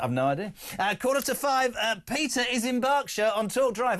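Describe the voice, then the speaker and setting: A man hosting a live radio phone-in, talking into a studio mic. His voice sits notably high, and he keeps up a brash patter of quick asides. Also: lively intonation, a bit bright. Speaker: radio talk show host. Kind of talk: live talk radio presenting. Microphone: studio microphone.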